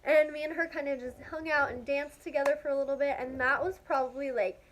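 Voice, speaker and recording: A young woman with a high voice chats casually to her vlog audience. She gushes with excitement and peppers every sentence with "like". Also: quick pace, slight background noise. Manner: gushing, excitable, heavy use of "like". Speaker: vlogger. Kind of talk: casual storytelling to camera.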